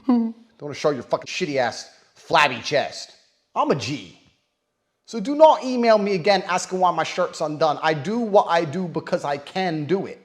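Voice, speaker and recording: A man in his thirties delivering a loud, profane, boastful rant full of taunts. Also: a little high, lively intonation, moderate pace. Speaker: public personality.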